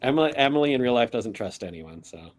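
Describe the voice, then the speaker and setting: A man narrating a tabletop game as game master, unhurried and rambling with many fillers. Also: mid-range voice, expressive.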